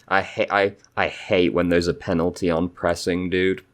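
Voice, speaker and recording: A man's voice: deep voice, little pitch movement, normal speed, few pauses, fairly bright tone, a little hiss or hum. A man giving casual, chatty commentary as he plays through a game, with a self-deprecating manner. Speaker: let's play host.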